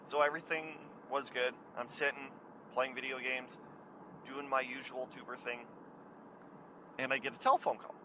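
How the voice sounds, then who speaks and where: A chatty man hosts his own show and spins a casual yarn about his own misadventures. His voice is bright and forward, and a faint hiss sits under it. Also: mid-range voice, flat delivery, normal speed, long pauses, poor audio. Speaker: podcast host. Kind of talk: casual storytelling.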